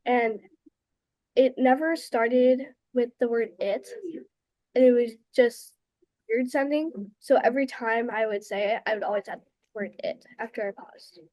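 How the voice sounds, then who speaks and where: A woman's voice: a little high, fairly even intonation, measured pace, darkish tone, no room sound, rough recording. A teenage girl on a speech team answering questions with hesitant, careful phrasing. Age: teens.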